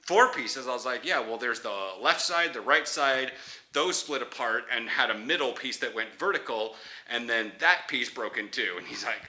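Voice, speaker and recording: Chatty young man with a bright voice. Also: mid-range voice, lively intonation, normal speed. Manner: chatty, laughs often, restarts sentences. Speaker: football player vlogger. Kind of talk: casual rambling chat.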